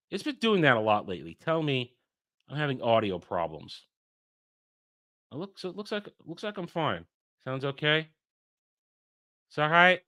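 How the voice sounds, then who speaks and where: A man's voice: on the high side, sharp tone. A man hosting a livestream, ranting in a heated way with frequent stumbling restarts. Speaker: host.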